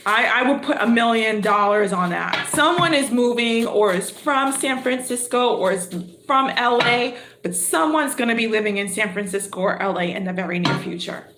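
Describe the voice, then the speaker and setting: A woman's voice: fairly high pitch, echoey room, noisy background. Chatty woman giving a tarot reading. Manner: chatty, thinking aloud, exclamatory. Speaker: tarot reader.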